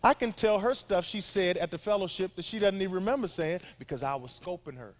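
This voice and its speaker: Male pastor, middle-aged, high voice, chatty and funny sermon delivery with quick asides. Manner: conversational, humorous preaching with asides to the crowd.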